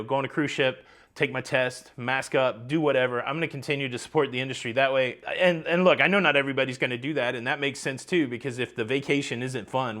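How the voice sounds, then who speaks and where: A man's voice: medium pitch, a bit bright. A man hosting a cruise news vlog, chatty and upbeat, talking straight to his viewers from outdoors by the ocean. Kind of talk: casual vlog commentary.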